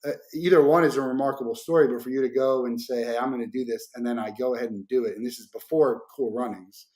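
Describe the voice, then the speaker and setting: A man with a mid-pitched voice hosts a podcast interview. He asks loose, rambling questions, padding them with "you know" and "like". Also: fairly even intonation, quick pace, a little mellow. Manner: rambling, with many "like" and "you know" fillers and restarts. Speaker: podcast host.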